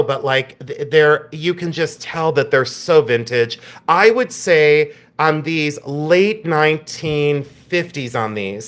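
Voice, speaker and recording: A woman hosting a live-streamed jewelry sale, chatty and gushing, laughing often as she shows pieces. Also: very deep voice. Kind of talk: live-stream sales chat.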